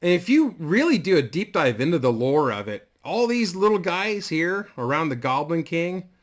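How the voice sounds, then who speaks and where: A man's voice: a little high, sing-song, moderate pace. A man casually and crudely rambling through a story idea, full of fillers and restarts. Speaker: vlogger.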